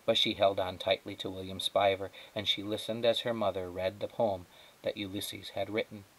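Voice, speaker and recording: A male teacher reading a children's chapter book aloud, narrating in a steady, measured way. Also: lowish voice, rough recording. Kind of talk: storybook read-aloud.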